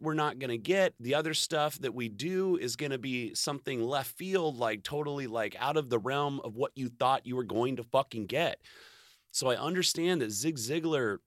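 Male vlogger, middle pitch, bright tone, casual rambling monologue, heavy swearing, frequent laughs. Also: no echo, clean studio sound. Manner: profane, rambling, self-interrupting, laughs often.

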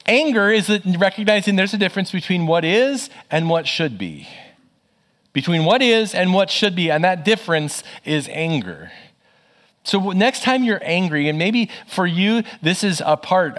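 A man's voice: a little high, fairly bright tone. A middle-aged man, a pastor, preaching a sermon in an earnest, conversational way, telling personal stories and repeating phrases for emphasis.

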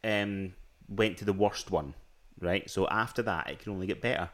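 Scottish man rambling in a lowish voice. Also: normal speed, a bit bright. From Scotland. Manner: rambling storytelling with frequent restarts and laughs. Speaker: podcast co-host. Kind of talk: casual chat.

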